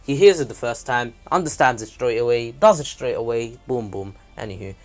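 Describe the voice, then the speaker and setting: A man's voice: medium pitch, brisk, darkish tone. Casual male narrator for a fan retelling, rambly, jokey asides. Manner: rambling, many fillers and restarts, jokey asides.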